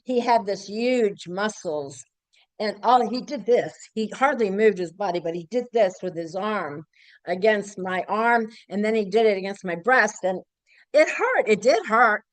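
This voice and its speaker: A woman's voice: mid-range voice, expressive, measured pace, dry recording, poor audio. An older woman speaking at a community group meeting, candid and blunt, rambling with frequent fillers. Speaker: local activist group member.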